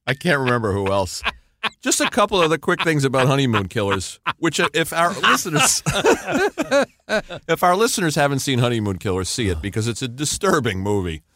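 A man's voice: medium pitch, sing-song, brisk, fairly bright tone, no echo, studio quality. A male podcast host conducting an interview, enthusiastic and steering the talk.

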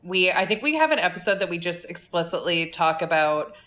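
A woman guesting on a podcast tells a story in quick, animated bursts and laughs often. Her voice is bright and forward, and it rings a little in a roomy space. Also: fairly low pitch. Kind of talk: casual chat.

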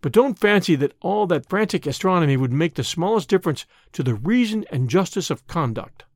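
A man's voice: fairly high pitch, lively intonation, brisk, dry recording, clean studio sound. A man voicing a bold male master thief in an audiobook of a classic story, who poses as a priest, then mocks and gloats. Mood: solemn. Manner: mocking and triumphant.

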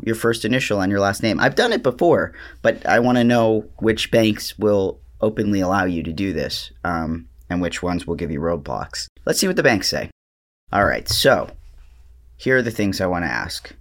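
A trans podcast co-host talking casually, hesitant and stammery with lots of fillers. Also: male voice, on the low side, expressive, normal speed. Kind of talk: casual chat and monologue.

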